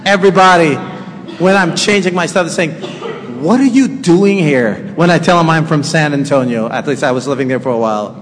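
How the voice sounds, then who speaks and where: A male preacher with a notably high voice delivers a lively, conversational sermon. The sound carries a long hall reverb. Faint room ambience sits underneath. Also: quick pace, slight background noise. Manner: conversational, animated, joking with the congregation.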